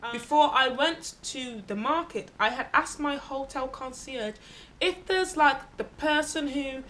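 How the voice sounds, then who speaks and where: A woman with a bright, fairly high voice tells the story of a solo trip. She speaks candidly and bluntly, swears freely, and acts out the people she met along the way. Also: a little slow, a little hiss or hum. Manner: candid and expressive, acting out other people in her stories. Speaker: travel vlogger. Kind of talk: casual travel vlog storytelling.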